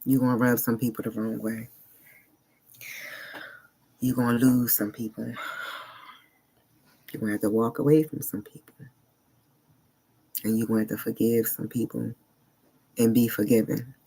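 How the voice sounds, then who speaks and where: A man talking earnestly in a personal vlog monologue, searching for words in short halting phrases and sounding emotionally unsettled. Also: mid-range voice, flat delivery, vocal fry, dark tone, husky. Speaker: vlogger.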